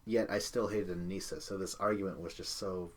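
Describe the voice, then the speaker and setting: Low-pitched male co-host, loose and profane, chatty recap energy. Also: steady tone, a little fast. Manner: candid, swears freely, laughs often. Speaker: podcast co-host. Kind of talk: casual chat recapping a reality show.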